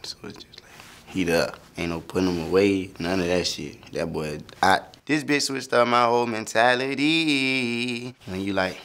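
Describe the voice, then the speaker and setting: A man's voice: lowish voice, expressive, moderate pace, a bit bright, clean tone. A young man talking casually through his own song lyrics, loose and laughing, slipping into sung lines now and then. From Florida. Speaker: rapper explaining his lyrics.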